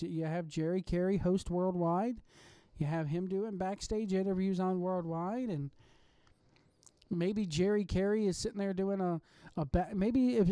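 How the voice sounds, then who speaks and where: This podcast host rants in a loose, rambling monologue from home late at night, getting excitable and swearing freely along the way. The voice is mellow and dark in tone. It sits close and dry, with no room around it. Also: medium pitch, no room sound. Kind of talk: casual ranting monologue.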